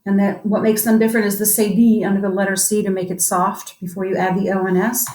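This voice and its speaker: An upbeat woman teacher runs a grammar lesson, coaxing the class to answer back. Her voice sits in a middle register. The sound carries a noticeable room echo. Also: mid-range voice. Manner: upbeat, coaxing call-and-response drilling. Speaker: French teacher.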